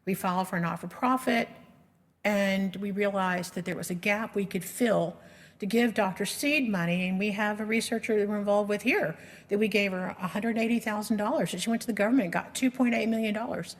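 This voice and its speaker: A woman's voice: mid-range voice, fairly quick. A middle-aged woman telling her story as a patient advocate in an earnest, emotional way, with frequent restarts. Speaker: patient advocate giving a presentation. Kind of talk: personal storytelling presentation. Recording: long reverb of a lecture hall.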